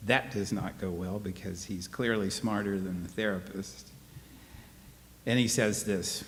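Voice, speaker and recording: A man's voice: low-pitched, fairly even intonation, measured pace, a bit bright. A man giving a literature lecture with read excerpts, speaking hesitantly with fillers, recorded in an echoey hall. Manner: hesitant, with fillers between points. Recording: echoey hall, faint noise.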